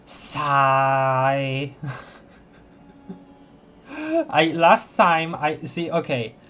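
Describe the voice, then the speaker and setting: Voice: mid-range voice, a little slow. A streamer casually commenting while playing a game, chatty and laughing often. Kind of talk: casual let's-play commentary.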